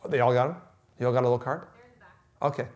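A man in his thirties preaching a sermon in a relaxed, conversational way, telling a story and dropping to a near-whisper for emphasis. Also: medium pitch, fast. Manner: animated storytelling, shouting in re-enactment. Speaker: pastor.

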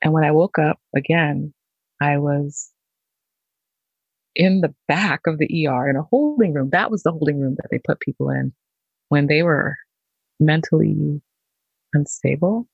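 A woman, a nurse, slowly telling her own story in a halting, reflective way. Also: deep voice, gravelly, slightly rough, no room sound, narrow, tinny audio. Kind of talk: personal storytelling.

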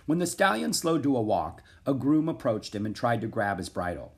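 A man reading a children's chapter book aloud, animated and expressive. His pitch rides up and down with the action, sitting in a middle register. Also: moderate pace, few pauses. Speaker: narrator.

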